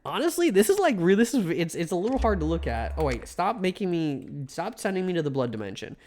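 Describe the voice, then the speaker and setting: A man's voice: high voice, sing-song, fast talker, a little mellow. A man streaming a video game live, giving casual commentary, joking and swearing as he talks back to the game.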